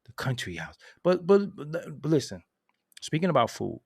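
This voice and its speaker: Lively, gravelly man chatting loud. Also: mid-range voice, normal speed, no room sound, studio quality. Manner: loud, laughing and profane, swings between mumbling and shouting; reads and answers viewer chat. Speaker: host. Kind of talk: casual live-stream chat.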